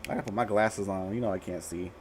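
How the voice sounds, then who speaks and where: A man with a fairly low voice hosts a laid-back tarot live stream. He talks bluntly and swears freely, getting animated and laughing as he goes. A faint hiss of noise sits behind him. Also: fast talker.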